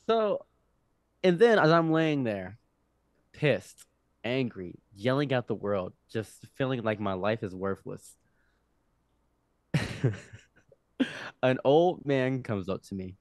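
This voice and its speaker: Lively young man telling a story. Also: mid-range voice, takes it slowly, long pauses, no echo. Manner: animated, with frequent restarts and acted-out quotes. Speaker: podcast guest. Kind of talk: storytelling in casual conversation.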